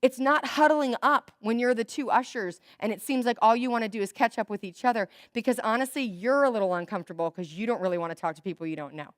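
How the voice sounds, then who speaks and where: A young adult woman giving a chatty, animated storytelling talk to church volunteers, acting out bits of dialogue. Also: fairly high pitch, fast talker, few pauses, dry recording, studio quality. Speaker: guest speaker at a church volunteer event. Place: church hall.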